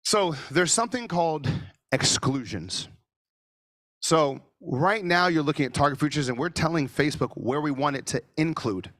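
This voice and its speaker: A man presenting a marketing masterclass over a video call, animated and sometimes nearly shouting for emphasis. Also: on the high side, moderate pace, dry recording, studio quality. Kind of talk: energetic webinar teaching. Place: office studio.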